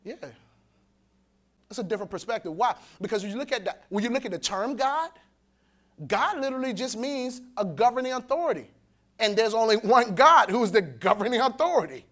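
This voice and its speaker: A male pastor preaching an animated, colloquial sermon, acting out the voices he quotes and laughing between points. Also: very high voice, fairly quick. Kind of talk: sermon at a men's conference.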